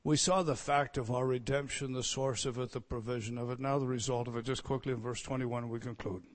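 A man preaching a sermon, earnest and emotional, dropping to quiet tender asides and rising to loud emphatic declarations. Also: medium pitch, fairly even intonation, brisk. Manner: earnest and emotional, moved nearly to tears.

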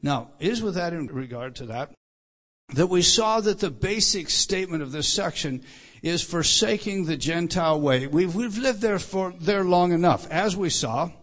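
A man preaching an earnest sermon, often repeating words and slowing down for emphasis. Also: sits high, lively intonation, fairly bright tone. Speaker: pastor.

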